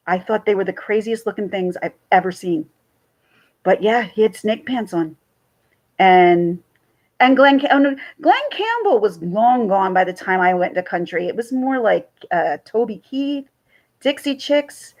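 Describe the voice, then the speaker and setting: A woman's voice: mid-range voice, rough recording. A woman, rambling chattily to her chat while hosting a casual livestream. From central New Jersey. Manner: rambling and chatty, jumps between stories. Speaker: livestream host.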